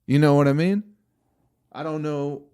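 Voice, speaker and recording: A man's voice: a little high, fairly even intonation, a little slow, mellow, smooth. A man, a comedian hosting his own podcast, telling a rambling story with a lot of swearing and exasperated asides to his listeners.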